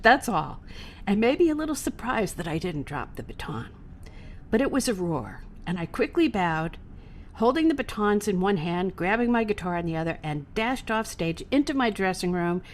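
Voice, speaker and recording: A woman reading her own memoir aloud, acting out the quoted voices with shouts and laughter. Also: medium pitch. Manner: animated, acts out quoted hecklers with shouts and laughter.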